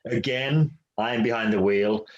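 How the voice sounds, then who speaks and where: A man from Finland tells a road story haltingly, hunting for words with a lot of fillers and restarts. His mid-pitched voice comes through dull and a little lo-fi. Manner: halting, many fillers and restarts, backchannels often. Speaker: musician in a rock duo, podcast guest. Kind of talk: casual storytelling.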